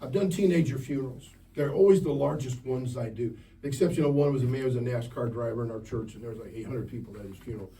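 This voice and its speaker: With hardly any pauses, a fast-talking man with a warm, medium-pitched voice preaches a youth camp sermon to teenagers. The church camp meeting setting comes through a distant mic with faint ambient noise, as he jokes, speaks bluntly, and fires questions at the crowd.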